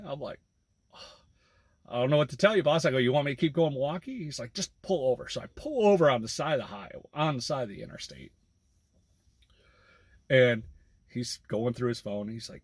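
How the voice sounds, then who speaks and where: Husky-voiced man telling a driving story. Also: mid-range voice, lively intonation, normal speed, long pauses, dry recording. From US Midwest. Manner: chatty, laughs while telling stories. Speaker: rideshare driver. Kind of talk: casual storytelling vlog. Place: in a parked car by a road.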